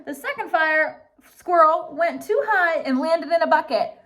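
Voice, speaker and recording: In a high, fairly bright, expressive voice that swoops up and down in sing-song fashion, a woman reads a children's picture book a little slowly. She pauses at times for playful chat with the young listeners.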